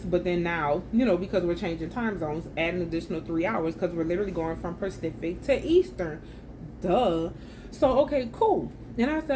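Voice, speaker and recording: A woman's voice: lowish voice, normal speed, background noise. A woman, telling a travel story in a chatty, slangy vlog style. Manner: chatty and slangy, with animated retold dialogue. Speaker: vlogger.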